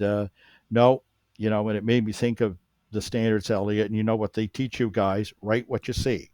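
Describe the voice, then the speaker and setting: A man from Canada with a fairly low voice recounts an old case as a podcast guest. He tells it animatedly, restarting phrases often. The sound is dry and close. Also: no room sound. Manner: animated storyteller who acts out quoted speech, with frequent restarts. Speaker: former police officer and paranormal researcher, podcast guest. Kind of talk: storytelling in a podcast interview.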